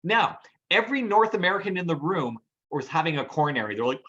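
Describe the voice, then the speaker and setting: A man co-hosting a podcast and telling lively anecdotes in casual chat. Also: on the high side, brisk, dull audio. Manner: animated anecdotal storyteller. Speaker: podcast co-host.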